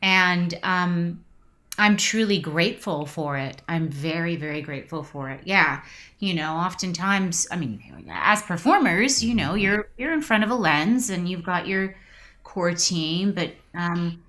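A woman in her forties speaks slowly and thoughtfully as a guest in an interview, stopping and restarting her sentences. Her voice is a little low but bright, and it catches with emotion as she holds back tears. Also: lively intonation. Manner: reflective, halting, many restarts. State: emotional, choked up. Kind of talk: casual video interview.

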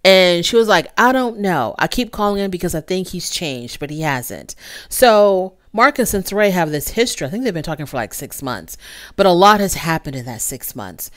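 A woman casually recapping a reality TV episode, acting out the quotes with big jumps in pitch. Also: expressive, moderate pace. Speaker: TV recap host.

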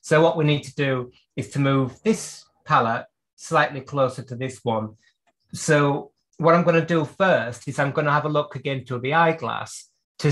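In a live workshop over video call, a man with a medium pitch and fairly bright tone repairs a clock at his bench, reasoning aloud and walking viewers through each step.

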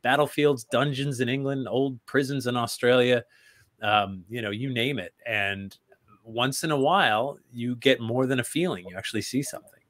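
Bright-voiced man telling animated stories. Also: mid-range voice, moderate pace. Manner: animated storyteller, joking. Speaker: guest. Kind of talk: casual chat.

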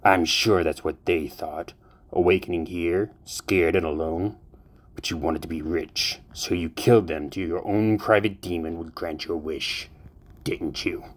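Brief: composed young man, low voice, coldly mocking when pressed, read by a male narrator. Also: steady tone. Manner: measured and earnest, turning cold and mocking. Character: calm, capable young man, later mocking captor.

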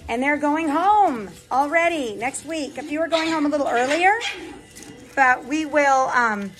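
A woman's voice: sits high, measured pace, background noise. A woman dog breeder chatting casually in a home video, stumbling over words now and then and cooing at puppies. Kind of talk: casual vlog chat. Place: indoor puppy pen.

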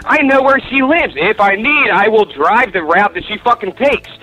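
Furious high-voiced man cursing on phone. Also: normal speed, poor audio. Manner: profane, shouting, aggressive. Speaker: caller. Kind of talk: angry prank call argument.

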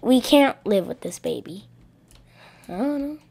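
High, slow-talking woman role-playing. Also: lively intonation, vocal fry, slightly rough. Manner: frantic, stammering, yelling bursts. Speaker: gameplay roleplayer. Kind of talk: voiced roleplay over gameplay.

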